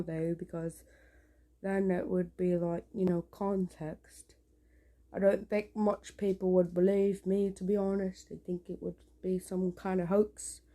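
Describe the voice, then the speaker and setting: Young woman vlogger, mellow voice, nervous and rambling, hushed and sweary, filmed on a handheld phone indoors. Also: fairly low pitch. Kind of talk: casual handheld vlog. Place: small home indoors at night.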